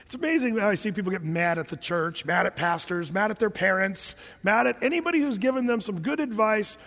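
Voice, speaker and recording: A male pastor preaching a sermon in an animated, emphatic way, often repeating words as he thinks. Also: high voice, long reverb tail.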